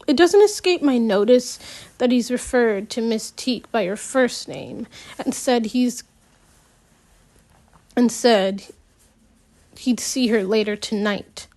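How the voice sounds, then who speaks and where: A woman reads a novel aloud at a slow, unhurried pace. Her voice sits a little high. She restarts lines and drops in small asides as she goes. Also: darkish tone. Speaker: audiobook reader. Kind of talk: unpolished audiobook narration.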